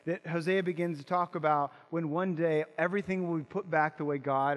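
Man, pastor, impassioned sermon, high-pitched voice, repeats words, reverberant hall. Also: fairly even intonation, brisk, few pauses.

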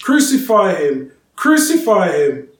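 A man voicing an angry crowd of male leaders with loud, forceful shouting, recorded in a roomy, distant space. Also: a little high, expressive, moderate pace, pitched above the performer's own voice, lightly acted. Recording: roomy, distant, faint ambience.

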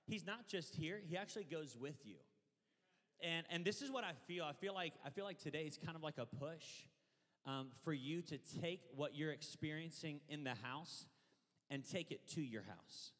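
A man preaching a lively sermon from a church stage, leading loud call-and-response with the crowd. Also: on the high side, moderate pace. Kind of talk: energetic sermon. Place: church auditorium. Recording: long hall reverb.

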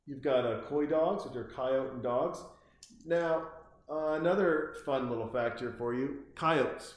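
A man's voice: mid-range voice, a little slow. Man, host, casual comic rambling, profane, frequent restarts, very echoey room.

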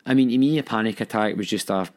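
A young man recounts a hard time in his life, speaking candidly and with feeling. His voice sits a little low, and he acts out the voices he quotes. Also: quick pace, a little mellow. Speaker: storyteller recounting his own experience. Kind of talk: personal storytelling.

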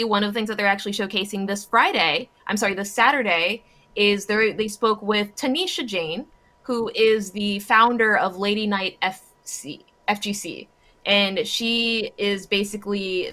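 A woman co-hosting a casual talk show, reporting community news in an upbeat way and spelling out acronyms slowly. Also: mid-range voice, sharp tone. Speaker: co-host.

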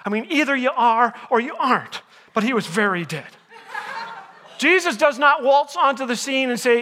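A man's voice: very high-pitched, expressive, normal speed, pushed and bright. A man giving a humorous sermon to a college audience, asking them questions, joking, and acting out the lines of the story. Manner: jokey, asks the audience questions, acts out quotes. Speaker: chapel speaker.

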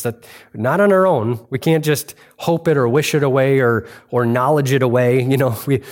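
A man's voice: mid-range voice, normal speed, a little mellow. A middle-aged man preaching a sermon as pastor, earnest and conversational, often restarting and repeating phrases for emphasis. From United States.

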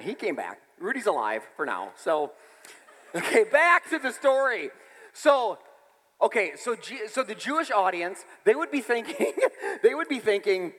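Pastor, male: bright, animated delivery, big pitch swings, church reverb. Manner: animated storytelling, breaks into song and shouts. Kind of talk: sermon.

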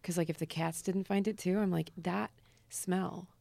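A woman comedian, a podcast guest, telling crude stories in a deadpan manner. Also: fairly low pitch, moderate pace, gravelly. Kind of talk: casual chat.

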